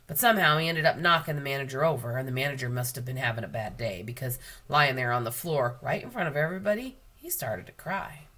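An American woman, a school librarian, reading a children's book aloud to students in an expressive storytelling manner. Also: rumbling low, quick pace, hardly any pauses.

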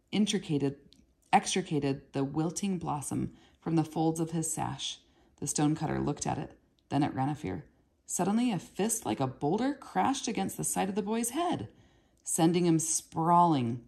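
Low, husky woman reading a novel aloud. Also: expressive, a little slow, mellow. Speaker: reader.

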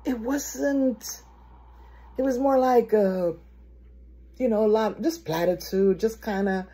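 A woman preaching a sermon in a lively storytelling way, acting out the excited voices of people she quotes. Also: fairly high pitch, slow, long pauses, husky. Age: adult.

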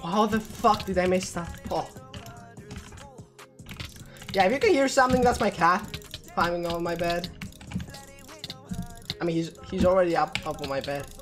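A woman's voice: lowish voice, moderate pace, pauses often, over music. A woman giving live gameplay commentary, talking to herself, getting frustrated and swearing often. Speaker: gamer.

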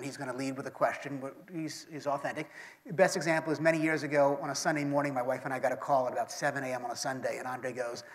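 A middle-aged man on stage as interviewer, telling animated anecdotes and acting out what others said. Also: on the high side. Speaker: interviewer and business partner. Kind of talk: storytelling on stage. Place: lecture hall. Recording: reverberant hall.

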